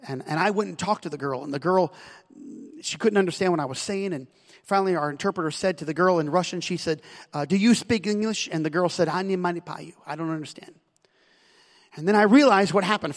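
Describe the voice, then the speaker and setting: High-voiced American preacher in a hall. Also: male voice. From United States. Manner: storytelling, rising to loud emphatic preaching. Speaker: pastor. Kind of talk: sermon with personal stories.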